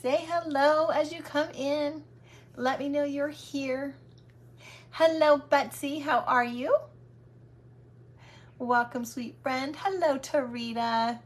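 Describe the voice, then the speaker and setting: A woman's voice: high-pitched, fairly even intonation, slow, pauses often. A woman hosting a craft livestream, chatting in a casual, affectionate and welcoming way. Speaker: craft channel host.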